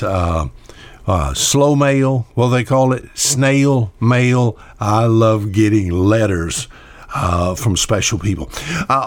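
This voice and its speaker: A man's voice: lowish voice, no echo. Folksy older male radio preacher. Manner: folksy, conversational, repeats words with frequent uh fillers. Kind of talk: radio sermon.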